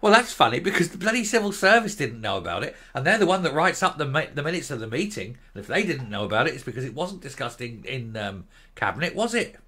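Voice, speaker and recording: A man's voice: mid-range voice, sing-song, fast, bright, forceful tone, breathy edge. A middle-aged man hosting a political commentary show, ranting in a sarcastic, mocking, scornful way.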